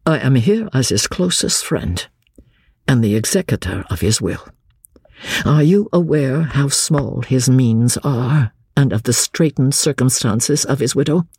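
A loyal young officer pleads in a grave, steady way, as a male reader puts him on. His husky voice moves slowly and rises and falls a lot. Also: mid-range voice, no echo, clean studio sound. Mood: earnest.

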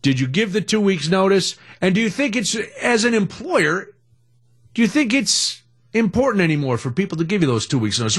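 A middle-aged man, hosting a casual radio talk show in an animated, jokey, opinionated way. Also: high voice.

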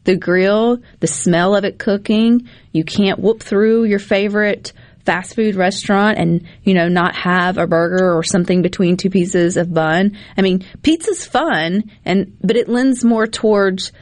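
A woman's voice: mid-range voice, no room sound. Chatty radio co-host woman. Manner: chatty, folksy, quick asides. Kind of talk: casual radio talk.

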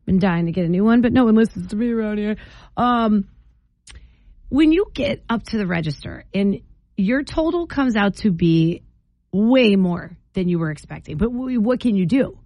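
A woman hosting a morning radio show, telling a story in a chatty, animated way with playful asides, speaking into a studio microphone. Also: medium pitch, normal speed, no room sound, lo-fi sound. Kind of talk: casual on-air chat.

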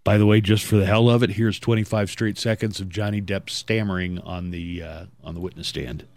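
A man's voice: sits low, steady tone, fairly quick, a little mellow. A man hosting a morning radio show, chatting wryly with co-hosts and reading an ad. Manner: wry, chatty, reads ad copy. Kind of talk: casual radio talk.

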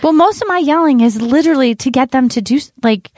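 A woman's voice: sits high, lively intonation, fast, darkish tone, a little hiss or hum. A woman cohosting a parenting podcast in casual chat, candid and chatty, laughing often.

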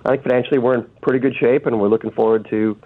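A man calling in as a guest on a radio show, speaking haltingly with many fillers and restarts over a phone line. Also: medium pitch, fairly even intonation.

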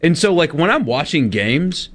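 A man's voice: on the high side, big pitch swings, moderate pace, fairly bright tone. A man in his thirties co-hosting a radio show, chatting casually and laughing at himself. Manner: chatty, self-deprecating, laughs often.

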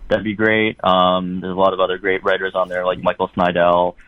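A man guesting on a film podcast as a critic, chatting casually and telling stories in an animated, exasperated way. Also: low-pitched, fairly quick, no room sound, phone-quality sound.

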